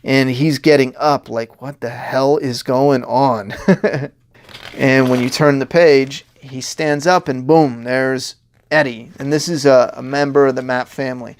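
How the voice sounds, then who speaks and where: Walking through his pages as a comic writer, a man talks in a casual, rambling commentary, frequently laughing and performing his characters' dialogue. His voice is mid-range with fairly even intonation, and he speaks at a measured pace.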